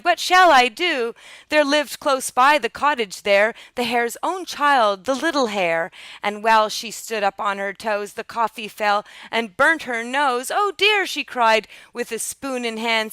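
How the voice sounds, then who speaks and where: A woman reads old rhyming children's tales aloud with a bright, crisp voice. She leaps up high and loud whenever a character cries out. The sound is close and dry, with no room around it. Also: dry recording. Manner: lively storybook reading, jumping high and loud for quoted cries. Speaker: storyteller. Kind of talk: reading aloud a rhyming children's picture book.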